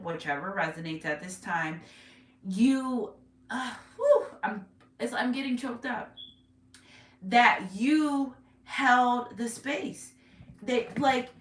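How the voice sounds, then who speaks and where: A woman's voice: mid-range voice, far from the mic. A woman giving a casual tarot reading who rambles, breaks off mid-sentence and gets emotional. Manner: rambling, self-interrupting, emotional. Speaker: tarot reader. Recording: roomy echo, voice off-mic.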